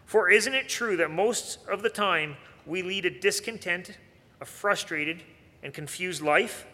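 A man's voice: sits high, unhurried, sharp tone, big-room sound. A male pastor delivering a sermon, earnest and posing rhetorical questions to the congregation.

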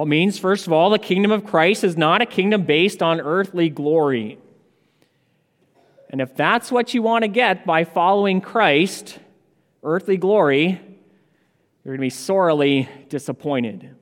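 A man preaching an earnest expository sermon, slowing down to stress key points. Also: high voice, in a large hall.

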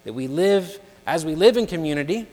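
A man preaching a sermon in an earnest, measured way, building his points through repeated phrases. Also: a little high, expressive, a little mellow. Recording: long reverb of a large hall.

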